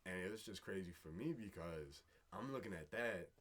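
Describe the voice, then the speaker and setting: Slangy New guy, lowish voice. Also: moderate pace, slight background noise. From New York. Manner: rambling, slangy, animated storyteller. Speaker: podcast co-host. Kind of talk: casual chat.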